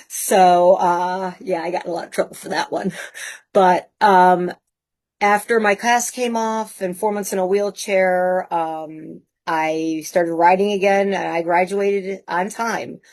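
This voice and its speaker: Woman, 50s, interview guest, casual storytelling, lower voice, frequent laughter. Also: slow pace. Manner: lively anecdotes with frequent laughs.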